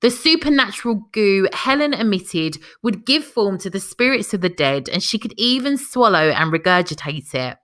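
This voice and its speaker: Bright-voiced woman podcaster. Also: medium pitch, expressive, normal speed, hardly any pauses. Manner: chatty, breaks off for personal comments. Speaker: podcast host. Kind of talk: scripted history narration with casual asides.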